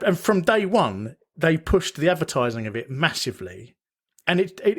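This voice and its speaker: A rambling British man hosts a podcast in casual chat. He often corrects himself mid-sentence and speaks a bit higher than most men. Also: fairly bright tone. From Britain. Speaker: podcast host.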